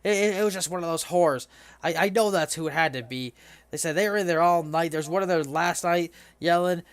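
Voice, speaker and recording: A skinny, scrawny man in grief who quickly turns on people, played by a man who lifts his voice a little. He stammers, repeats himself and accuses, and the recording is dry and close. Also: on the high side, clean tone, no room sound, natural voice. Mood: bitter.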